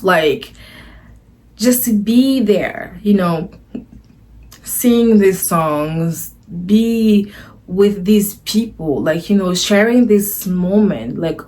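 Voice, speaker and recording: A woman's voice: medium pitch, darkish tone. A woman vlogger telling a casual storytime to the camera, gushing and rambling, often restarting her phrases.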